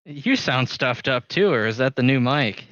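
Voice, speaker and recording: A man with a smooth, bright voice teasing his friends in easy banter. The recording is dry and a bit dull. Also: mid-range voice, animated, moderate pace, no echo. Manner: playful teasing. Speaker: tabletop game player. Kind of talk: casual pre-game chat.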